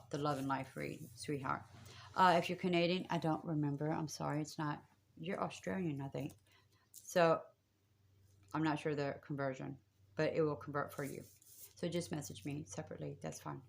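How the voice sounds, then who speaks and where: A woman with a low, deep voice speaks to her viewers on a live stream. She does spiritual readings in a rambling, affectionate way and fills her talk with fillers. Her delivery stays casual and chatty.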